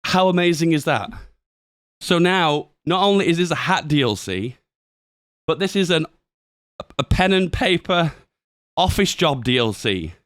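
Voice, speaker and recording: Guy hosting a gaming channel, lively swoopy delivery, dry close sound, laughs and swears. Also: fairly high pitch, a little slow, pauses often, dry recording. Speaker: gaming YouTuber. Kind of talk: casual commentary on a game update.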